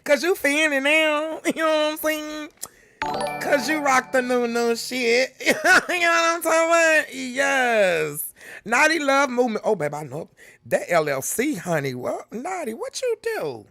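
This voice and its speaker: A woman's voice: sits high, expressive, a little slow, pushed and bright, no room sound, clean studio sound, soft background music. A middle-aged woman hosting a live reaction stream, chatting casually with viewers and reading the chat aloud, laughing often. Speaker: livestream reaction host.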